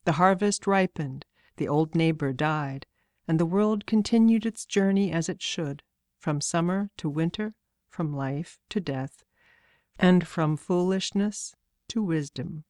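A woman reading a fantasy novel aloud as narrator, in a measured, steady storytelling manner. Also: lowish voice, no echo, clean studio sound. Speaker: audiobook narrator. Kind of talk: scripted narration.

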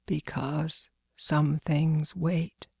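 A woman's voice: deep voice, flat delivery, extremely slow, creaky, mellow, husky, no echo, full character voice. A woman voicing a tall, blunt woodcutter in a storybook reading, with a dry, weary manner. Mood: grave.

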